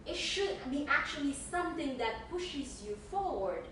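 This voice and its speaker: A woman's voice: high-pitched, very animated, measured pace, fairly bright tone, slight background noise. A woman co-hosting a podcast in casual discussion, emphatic and encouraging, repeating words as she builds a point. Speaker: podcast co-host. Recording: echoey room, distant mic.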